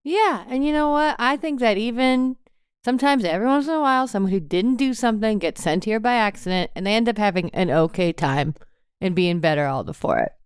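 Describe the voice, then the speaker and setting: A woman's voice: mid-range voice, expressive, brisk, clean tone, dry recording, studio quality, pitched above the performer's own voice, natural voice. A woman voicing a breezy, blunt female ex-convict who talks cheerfully.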